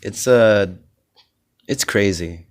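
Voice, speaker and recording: A man's voice: lowish voice, slow. A young man hosting a solo podcast, rambling with lots of fillers and swearing, getting heated as he goes. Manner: rambling, profane, many fillers; grows heated and loud. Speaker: podcast host.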